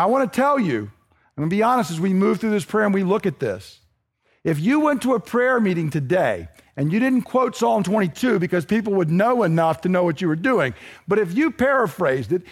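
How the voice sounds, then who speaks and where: A man preaching a sermon in a conversational, emphatic way, often checking in with his listeners. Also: high-pitched. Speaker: pastor.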